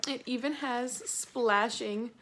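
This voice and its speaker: Woman, Tennessee accent, young adult, gushing, chatty, fairly high voice. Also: slow, fairly bright tone. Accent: Southern US, Tennessee. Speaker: plant YouTuber. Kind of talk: casual vlog unboxing.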